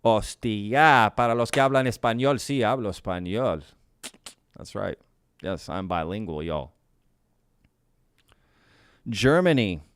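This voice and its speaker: A man's voice: fairly low pitch, expressive, a little slow, long pauses, clean tone, dry recording, clean studio sound. Upbeat man hosting live chat. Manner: upbeat, laughs often, greets viewers by place. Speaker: podcast host reading live chat. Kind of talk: casual live-stream chat.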